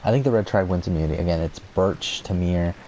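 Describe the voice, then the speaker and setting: A man's voice: low voice, fast, a little mellow, slight background noise. A man giving casual, rambling gameplay commentary, full of fillers and restarts, cursing when things go wrong. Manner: rambling, many fillers and restarts, swears at the game.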